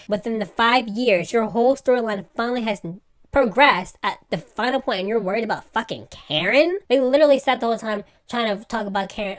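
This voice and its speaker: A woman's voice: fairly high pitch, animated, normal speed. A woman giving a casual, exasperated recap rant about a reality show, acting out the people she quotes in mock voices. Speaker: reality TV commentator.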